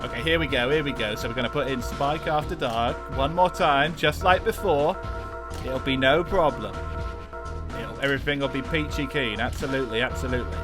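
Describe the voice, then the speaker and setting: A man's voice: mid-range voice, close to an everyday voice. A man putting on a jokey Cockney accent while streaming a racing game, with hammy, boisterous banter. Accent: put-on Cockney.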